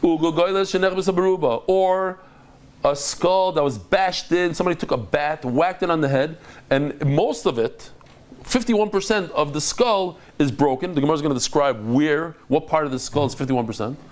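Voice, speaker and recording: A man teaching a Talmud class, lively and acting out the dialogue. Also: moderate pace. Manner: lively, acts out dialogue with big pitch jumps.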